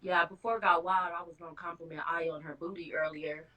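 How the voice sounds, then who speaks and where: A woman's voice: fairly low pitch, steady tone, quick pace, sharp tone, far from the mic, rough recording. A woman chatting casually on a livestream in a bubbly, giggly way. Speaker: livestream caller in played clip.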